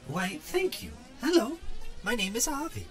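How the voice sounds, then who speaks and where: A man voicing an old, outdated male robot who speaks in a stiff, halting, formal way. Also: extremely high pitch, big pitch swings, soft background music, exaggerated voice. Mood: earnest.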